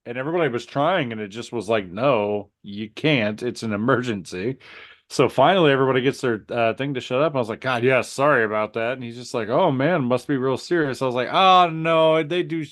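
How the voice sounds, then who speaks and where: A man co-hosting a podcast, telling a story with animated energy, acting out quotes and laughing often. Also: mid-range voice, fast. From Southern Indiana. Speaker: podcast co-host. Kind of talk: casual storytelling chat.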